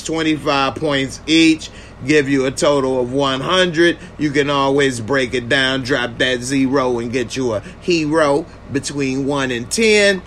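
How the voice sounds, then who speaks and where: A man's mid-range, somewhat bright voice carries a casual review of a TV episode, where he also responds to viewers' comments. A little hiss or hum sits under the recording.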